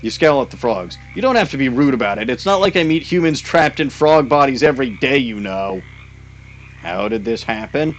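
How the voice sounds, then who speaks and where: A man's voice: mid-range voice, animated, a little fast, faint music behind. A man playing a text game, reading its narration aloud with wry, chuckling asides. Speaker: game player.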